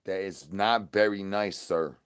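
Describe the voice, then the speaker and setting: A man hosting a comedic livestream in a zombie persona, chanting sing-song rhyming nonsense, boasting crudely and begging loudly for brains. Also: deep voice, steady tone, unhurried, clear, resonant tone. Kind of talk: in-character comedic livestream chatter.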